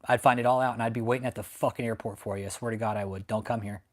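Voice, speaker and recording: A man hosts an angry live stream from his home in San Antonio, Texas, racing through a heated, profane rant full of swearing and repeated threats. His voice is on the low side with a steady tone.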